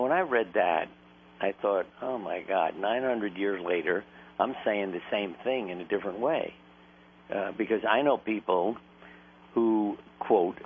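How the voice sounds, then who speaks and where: A man, a doctor, telling stories in an earnest, anecdotal way and laughing now and then. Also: deep voice. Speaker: doctor, interview guest. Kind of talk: conversational storytelling. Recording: tinny phone-line sound with faint noise.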